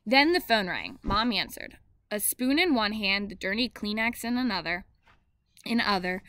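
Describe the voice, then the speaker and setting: A woman reads a novel aloud in steady first-person narration, now and then stumbling and correcting herself. Her voice is bright and clear. The sound is close and dry, with no room around it. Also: medium pitch, normal speed, dry recording.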